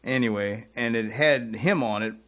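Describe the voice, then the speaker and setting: A man's voice: on the low side, moderate pace. A middle-aged man, co-hosting a casual radio talk show and telling long rambling stories. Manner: rambling storyteller, animated when excited. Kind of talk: casual on-air chat.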